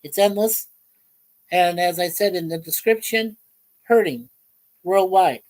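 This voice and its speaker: A woman hosts a casual livestream from home. She rambles in halting phrases full of fillers and greets chat viewers by name. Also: on the low side, a little mellow, rough recording. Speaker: livestream host. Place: home in Ontario, Canada.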